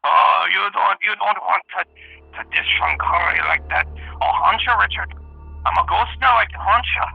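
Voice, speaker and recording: Man putting on a leering ghost, gravelly, husky, high, rambling, muffled phone line. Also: big pitch swings, moderate pace, no echo, exaggerated voice. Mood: mock menacing. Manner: rambling, stammering, crude. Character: ghost of a famous Scottish actor, lewd and boastful. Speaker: caller. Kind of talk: prank call impression.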